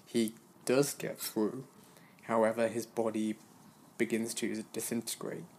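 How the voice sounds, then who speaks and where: A man casually recapping a TV episode, measured and hedging with lots of "kind of" and "basically". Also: fairly low pitch, flat delivery, darkish tone, a little hiss or hum.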